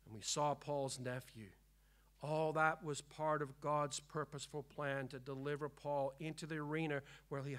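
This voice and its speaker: A man preaching a sermon as pastor, emphatic and repetitive, dropping to hushed tones and rising again. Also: mid-range voice. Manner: emphatic preaching, swinging between hushed and loud; repeats key phrases for emphasis. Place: church.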